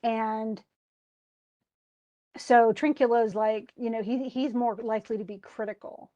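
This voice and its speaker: A woman's voice: fairly high pitch, steady tone, a little slow, warm tone, highs cut off. A woman teaching, casually retelling a play and paraphrasing it in modern everyday speech. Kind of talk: casual literature lesson.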